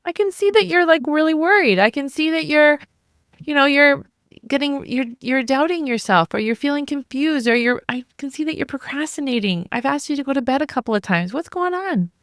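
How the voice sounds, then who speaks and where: A woman putting on the voice of a gentle, caring mother coaxing a worried child, soft and sing-song. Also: sits high, lively intonation, a little fast, no room sound, clean studio sound, pitched above the performer's own voice. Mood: tender coaxing.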